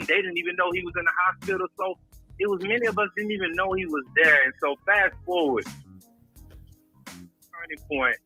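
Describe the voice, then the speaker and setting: Man, impassioned testimony, preacher-like build, high-ish voice, very bright tone. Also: poor audio. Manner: preacher-like, grows louder and intense; calls people brother, religious phrasing. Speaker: guest recounting a friend's illness. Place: at home in Houston.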